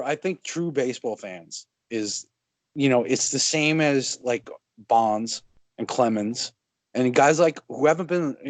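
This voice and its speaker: A man co-hosting a podcast in casual sports chat, talking in a relaxed, loose way and often chuckling. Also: a little high, no echo. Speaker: podcast co-host.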